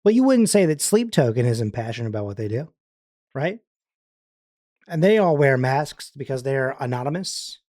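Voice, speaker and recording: A man talking loosely on his livestream, rambling and chatty, circling back with restarts and fillers. His voice sits at a middling pitch, and the sound is dry and close with no room echo. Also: very animated, moderate pace, a little mellow. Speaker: livestream host. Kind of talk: casual livestream chat.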